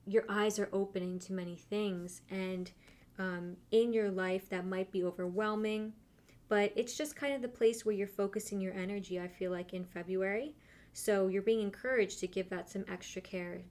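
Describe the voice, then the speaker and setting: A woman's voice: medium pitch, steady tone, normal speed, a little mellow. A woman giving a casual tarot reading who talks straight to her viewers and thinks aloud as she turns the cards. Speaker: tarot reader.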